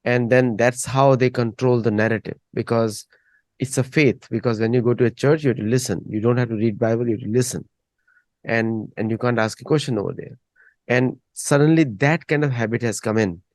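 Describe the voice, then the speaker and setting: A man's voice: mid-range voice, fairly even intonation, moderate pace, darkish tone, no echo. A man hosting a casual discussion, rambling and repeating words as he thinks. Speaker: host.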